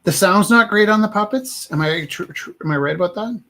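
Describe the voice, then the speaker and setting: A man's voice: high-pitched, brisk, a bit bright. Rambling, self-mocking man hosting a stream. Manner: musing, rambling, self-deprecating. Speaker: host of a live art stream. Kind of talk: casual chat while making art.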